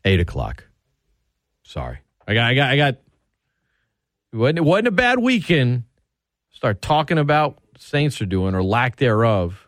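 A man hosting sports talk radio from a studio, ranting with heated sarcasm and sharp emphasis. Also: medium pitch, huge pitch swings, moderate pace, long pauses, dry recording.

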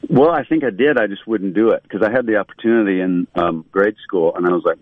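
A man with a fairly low voice talks in an easygoing, halting way and fills his sentences with ums. He is a voice actor guest on a call, and his line sounds thin and phone-like. The sound is very dry. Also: no echo. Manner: easygoing, hesitant, lots of ums. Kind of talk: casual interview chat.

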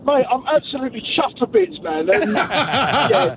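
A man from the UK with a British accent, calling into a radio show and telling a story in an excited, chatty way. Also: extremely high pitch, moderate pace, a crowd in the background. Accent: British English. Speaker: caller. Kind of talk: phone-in call. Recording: tinny phone line with faint noise.

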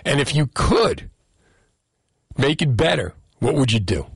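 Husky-voiced male radio host. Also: mid-range voice, big pitch swings, measured pace, no echo, clean studio sound. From New Jersey. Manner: repeats questions to invite callers. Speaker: radio talk show host. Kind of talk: call-in radio talk.

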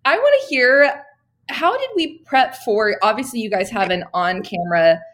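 A woman's voice: fairly high pitch, very animated, normal speed, fairly bright tone. A woman hosting an interview, bubbly and giggly, asking long rambling questions. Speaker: interviewer, host. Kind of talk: casual interview chat.

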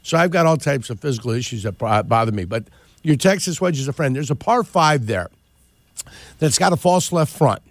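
A man chatting as a radio guest, spinning drawn-out stories about the course at an unhurried, conversational clip. His voice sits right in the middle of the male range, and the studio mic keeps it dry and close with no room sound. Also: medium pitch, expressive, no echo. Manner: rambling storyteller, drawn-out anecdotes. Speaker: golf guest. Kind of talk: casual radio chat.

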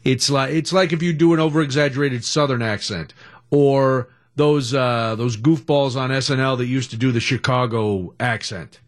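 A middle-aged man, hosting a casual radio talk show in an animated, jokey, opinionated way. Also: mid-range voice, normal speed.

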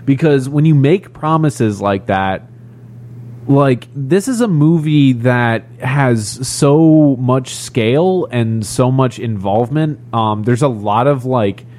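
A man with a mid-range voice, hosting a casual podcast chat. He talks in an animated way and steers the conversation toward what comes next. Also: medium pitch, takes it slowly. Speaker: podcast co-host.

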